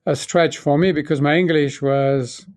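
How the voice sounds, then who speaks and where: A man in his sixties from France with a French accent, speaking as an interview guest and telling his story in a reflective, halting way with many restarts. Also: a little high, steady tone, darkish tone, no room sound. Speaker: guest, pharmaceutical chief executive. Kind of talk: conversational interview.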